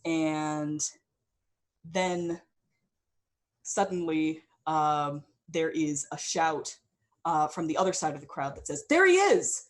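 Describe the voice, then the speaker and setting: A woman's voice: low-pitched, level tone, takes it slowly, pauses often. A woman narrating as game master in a tabletop game, loose and chatty with many fillers.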